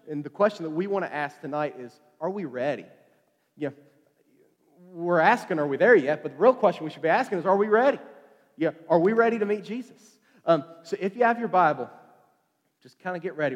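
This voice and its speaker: A man giving a relaxed, joking sermon, full of fillers and restarts. His voice sits a bit high for a man and echoes with a long hall reverb. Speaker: preacher. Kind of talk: casual evening sermon.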